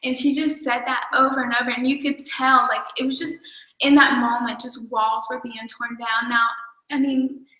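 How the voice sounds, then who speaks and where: A woman's voice: sits high, level tone, normal speed, bright, forceful tone. A young woman student telling a story in casual chat, earnest and full of fillers. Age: young adult. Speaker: student volunteer. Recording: roomy echoey sound.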